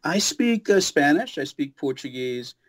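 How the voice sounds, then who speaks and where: This man speaks with a fairly high pitch at a measured pace. A voice actor and audiobook narrator, he's a guest in a relaxed interview recorded in a home studio booth, spinning animated stories and restarting often.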